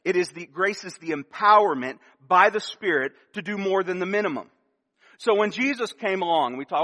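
A man's voice: high-pitched, expressive, fairly quick, pushed and bright. A man preaching a sermon as pastor, earnest and emphatic, repeating key phrases for weight, recorded in a church sanctuary. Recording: long hall reverb.

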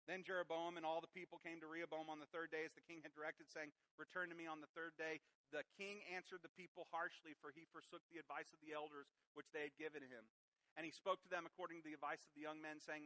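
A man's voice: a little high, fairly even intonation, a little fast, pushed and bright, low-quality recording. A man preaching a sermon who reads scripture aloud and then explains it with emphatic rhetorical questions. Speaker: pastor.

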